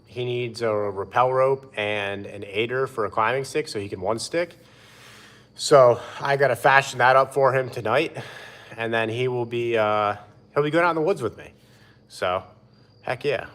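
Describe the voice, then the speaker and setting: A man hosting a live stream outdoors, chatting in a relaxed way and greeting viewers by name. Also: fairly low pitch. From Pennsylvania. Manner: laid-back, answers chat by name. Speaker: livestream host. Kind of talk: casual live-stream chat.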